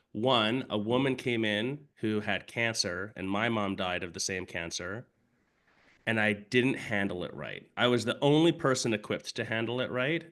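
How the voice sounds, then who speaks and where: Low-voiced frank man in casual chat. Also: a bit bright. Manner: frank and reflective, swears. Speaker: yoga studio owner, co-host.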